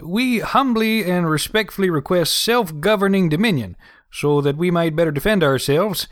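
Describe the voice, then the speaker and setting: A man's voice: high-pitched, moderate pace, dry recording, studio quality, voice pushed up, natural voice. A man voicing a humble male colonial envoy who pleads stiffly and deferentially before a queen.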